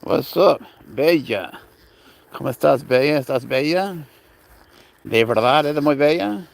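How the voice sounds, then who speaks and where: Streaming live from a park with a handheld phone, a man chats to viewers and his cat in a casual ramble. His mid-range voice is expressive and gravelly, and he talks a little slowly.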